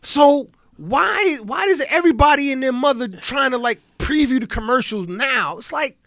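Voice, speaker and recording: A man's voice: very high voice, lively intonation, moderate pace, sharp tone, no echo. A man hosting a talk radio show in casual, profane, joking banter with his co-host.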